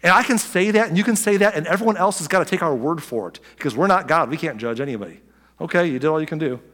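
Male pastor, slightly higher voice, casual preaching style with frequent asides, long hall reverb. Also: quick pace, a bit bright. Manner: conversational preaching with many asides and restarts. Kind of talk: sermon.

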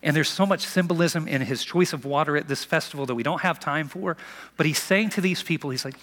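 A man preaching a sermon as a pastor, in an animated, conversational storytelling manner, in a church sanctuary. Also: on the high side, a little fast. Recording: long reverb of a large hall.

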